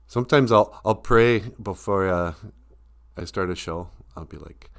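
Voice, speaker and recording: Low-ish guy rambling on a comedy live stream, laughs a lot, self-deprecating. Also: measured pace. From Ojibwe community.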